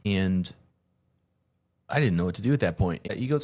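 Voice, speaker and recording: A man hosting his own podcast, talking through a casual solo monologue with an energetic, conversational manner. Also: low-pitched, moderate pace, pauses often. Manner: energetic, conversational, hype greetings. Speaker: podcast host.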